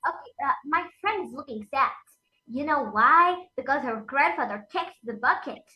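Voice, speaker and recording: Pakistani English student, female, high bright voice, eager, distant and roomy. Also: lively intonation, normal speed. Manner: eager, volunteering example sentences.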